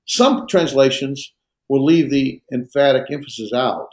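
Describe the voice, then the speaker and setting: A man lecturing on grammar to a small class, his voice gravelly with a creaky edge. He talks in halting bursts, full of "uh" and restarts. The sound is roomy and echoey. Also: medium pitch, a little mellow. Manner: hesitant, many fillers and restarts. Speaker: Greek instructor.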